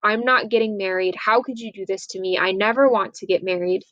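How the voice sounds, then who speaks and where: A woman's voice: mid-range voice, a little fast, fairly bright tone, no room sound, lo-fi sound, natural voice. A woman voicing an upset, defiant teenage girl in a casual retelling. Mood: pleading.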